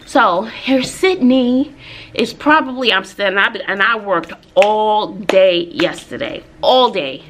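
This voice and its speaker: A woman from Texas, USA, a vlogger and teacher, chats casually in a vlog, telling stories animatedly with asides. Her voice is medium pitch and slow, with a little hiss or hum in the recording.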